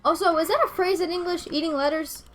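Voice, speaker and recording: A woman in her twenties from Venezuela, a game streamer chatting casually and rambling with her viewers, quick to laugh. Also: extremely high pitch, fairly bright tone, soft background music.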